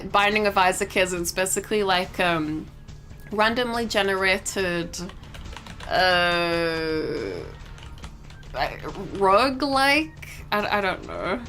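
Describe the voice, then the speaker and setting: A woman's voice: mid-range voice, animated, a little slow, sharp tone. A young woman streaming live, chatting casually and rambling, with frequent giggles and casual swearing. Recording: faint game music behind.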